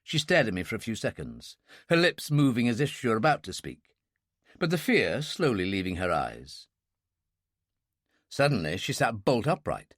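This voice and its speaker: A man narrating a first-person thriller audiobook in a dry, measured, wry way. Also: lowish voice, sing-song, a bit bright, no room sound.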